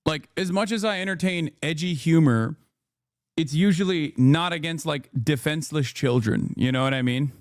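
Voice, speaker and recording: A man's voice: on the high side, normal speed, dry recording, studio quality. A man giving casual political commentary in a scornful, rambling rant, heard in a clip played from a stream.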